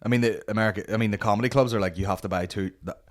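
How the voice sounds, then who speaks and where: A Northern Irish man hosting a comedy podcast, telling stories in a sweary, animated way. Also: fairly low pitch, racing. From Northern Ireland. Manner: sweary, animated storytelling with put-on voices. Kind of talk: casual chat.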